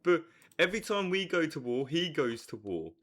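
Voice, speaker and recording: A young man giving live commentary on a strategy game, swinging from low muttering to hyped outbursts. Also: very animated, moderate pace, a bit bright. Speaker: streamer.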